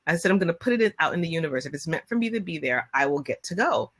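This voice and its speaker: A woman telling a long personal story in casual chat on a video call, acting out what people said. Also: rapid-fire. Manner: animated, acts out quotes with rising pitch. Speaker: guest.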